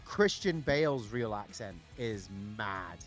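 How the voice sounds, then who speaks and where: A man's voice: on the low side, very animated, slow, faint music behind. A man co-hosting a casual podcast chat, rambling with lots of fillers and enthusiasm. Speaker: podcast co-host.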